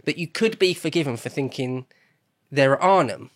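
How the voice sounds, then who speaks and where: Expressive and on the high side, the man's voice moves at a moderate pace. He hosts a podcast with a loose, chatty feel, wandering through the conversation and frequently self-correcting.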